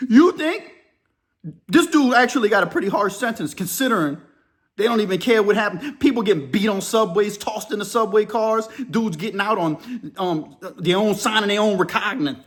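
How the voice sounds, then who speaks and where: A man hosting a crime channel, giving animated, slangy commentary on a news story and laughing as he talks. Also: high voice.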